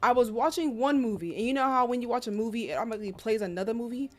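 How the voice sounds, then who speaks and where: A woman streamer chatting casually on a live stream, telling stories in a lively, slangy way and exclaiming loudly in disbelief. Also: a little high, rapid-fire.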